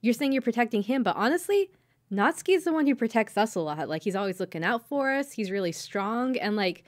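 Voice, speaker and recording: A woman's voice: fairly high pitch, animated, a little fast, dry recording, studio quality, pitched above the performer's own voice, lightly acted. A woman voicing an earnest, loyal young male roommate who speaks reassuringly during a podcast recap.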